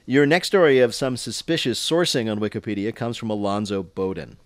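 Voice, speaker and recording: A man hosting a comic radio quiz show, brisk and playful, joking with callers. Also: medium pitch, animated, no echo.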